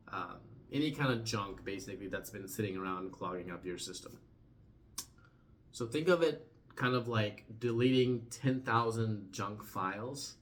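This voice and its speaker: Low-voiced man, casual health explainer. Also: a little hiss or hum. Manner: conversational, trails off softly at phrase ends, stumbles and restarts. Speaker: vlogger.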